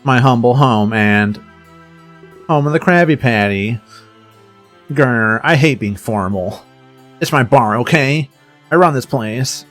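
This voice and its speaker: A man's voice: mid-range voice, slow pace, pauses often, a bit bright, soft background music. A man voicing a cheery, boastful male rabbit who runs a bar, in his fifties, chatty and gossipy in a raised put-on voice. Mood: proud. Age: 50s. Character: cheery loud rabbit bar owner, middle-aged male.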